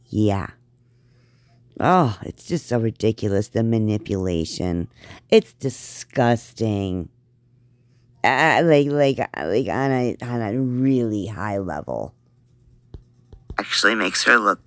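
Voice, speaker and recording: Middle-aged woman host, slow, gravelly, scornful reaction commentary. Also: rumbling low, lively intonation, bright, forceful tone, no room sound, clean studio sound. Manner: blunt, scornful, rambling asides.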